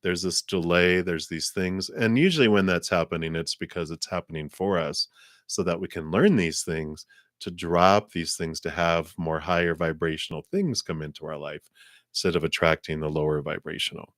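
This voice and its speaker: Male host giving live tarot readings, very low voice, dry close sound, easygoing and rambling. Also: moderate pace, dry recording. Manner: relaxed, rambling, with fillers and spiritual talk. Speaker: tarot card reader, channel host. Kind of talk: live-stream card reading.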